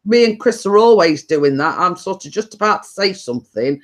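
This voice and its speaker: A woman's voice: mid-range voice, animated, moderate pace. A woman hosting a live chat stream, talking in a loose, rambling way full of "you know" and "I mean". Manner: rambling, lots of fillers and repeated phrases. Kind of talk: casual chat.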